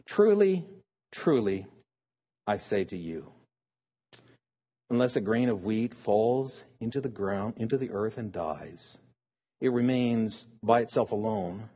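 A man preaching a sermon, swinging between hushed, drawn-out phrases and sudden emphatic bursts. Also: fairly low pitch, husky.

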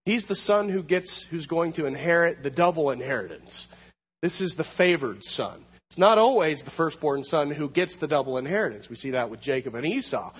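A man preaching a sermon, teaching through a Bible passage, slowing down to read scripture aloud. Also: a little high, animated, slightly rough, big-room sound.

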